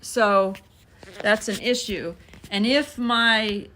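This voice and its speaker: A woman's voice: mid-range voice, steady tone, slow, pushed and bright, slight background noise. A woman co-hosting a casual live chat, patiently explaining and reading out the chat, on a handheld phone. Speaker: live stream co-host.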